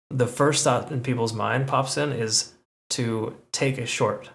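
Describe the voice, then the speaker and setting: A man's voice: medium pitch, steady tone, gravelly. A man hosting his own trading channel, walking through price charts in a chatty way with frequent fillers and "okay?" check-ins. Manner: brisk, chatty, lots of okays and fillers. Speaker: crypto trading channel host. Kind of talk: screen-share market analysis.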